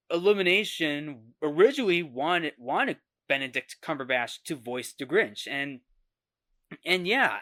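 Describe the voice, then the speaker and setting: A young man in his twenties talks through a film review in a bright, forward voice. He keeps stopping, restarting and repeating words as he works out his thoughts, casual and unscripted. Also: on the high side. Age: 20s.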